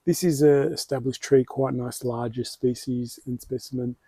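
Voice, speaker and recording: A man's voice: mid-range voice, fairly even intonation, moderate pace, dark tone, slightly rough, no room sound. A man with an Australian accent hosting his own bonsai channel, explaining tree care in a casual, rambling way that often corrects itself. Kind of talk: casual hands-on tutorial.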